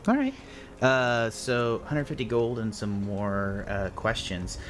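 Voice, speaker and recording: A man narrating as game master of a tabletop game, rambling with quick asides. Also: on the low side, animated, slight background noise.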